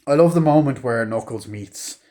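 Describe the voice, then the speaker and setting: A man's voice: medium pitch, normal speed, dark tone. A man casually reviewing a movie, rambling with lots of fillers and acting out lines from scenes.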